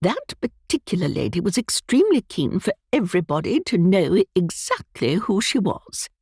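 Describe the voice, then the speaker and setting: A woman's voice: lowish voice, wildly swooping pitch, normal speed, a little mellow, slightly rough, no echo, heavily acted. A woman voicing an elderly aristocratic aunt with a dry, cutting wit, in an audiobook. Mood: tart, dry.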